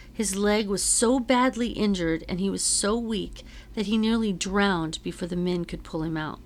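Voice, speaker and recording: Teacher lady reading a chapter book out loud, kinda gravelly, measured and dramatic. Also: mid-range voice. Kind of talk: reading a novel aloud.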